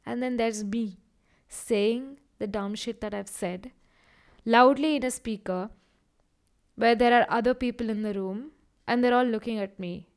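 A young woman records a solo podcast in a loose, rambling way, drifting from one tangent to the next. Her voice sits a little high and sounds smooth and clean. She often breaks into animated acted-out quotes. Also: measured pace. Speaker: podcast host. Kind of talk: solo casual podcast monologue.

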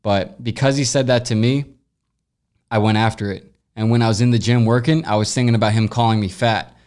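A man's voice: medium pitch, fairly even intonation, a little fast, darkish tone. A young man hosting a casual solo podcast, reading listener questions and giving blunt, rambling advice with plenty of swearing, recorded at home. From United States. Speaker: podcast host. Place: home room with echo, sound pads set up. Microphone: camera recording, speaker moves off-mic at times.

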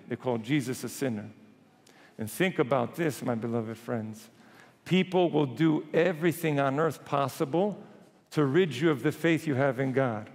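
A man preaching a sermon as a priest, retelling scripture in lively everyday voices. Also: mid-range voice, normal speed, long reverb tail.

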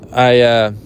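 A young man rambling jokily in a casual vlog, swearing now and then, his pitch jumping up when he gets excited. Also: slight background noise. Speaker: vlogger. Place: outdoors at a beach.

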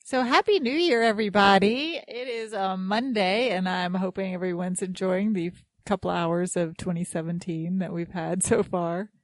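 A woman's voice: mid-range voice, normal speed, hardly any pauses, no room sound. A woman hosting a casual podcast chat, chatty and laughing often between her lines. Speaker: podcast host.

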